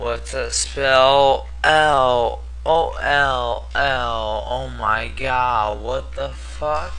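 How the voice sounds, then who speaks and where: A man's voice: medium pitch, steady tone, very slow, creaky, pushed and bright, smooth, poor audio. A teenage boy doing silly homemade voice skits, jumping between goofy put-on voices and squeals.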